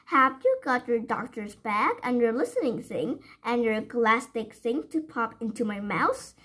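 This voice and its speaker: Little girl, sick in bed, stubborn and whiny, high and sing-song, a woman reading it. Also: big pitch swings, unhurried, a bit bright, breathy edge, full character voice. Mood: curious. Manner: whiny, stubborn, then shy.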